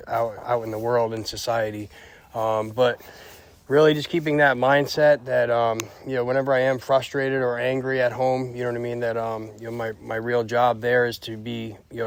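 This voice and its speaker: A man sharing at a recovery meeting in a casual, heartfelt way, hesitant with many fillers and restarts. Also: mid-range voice.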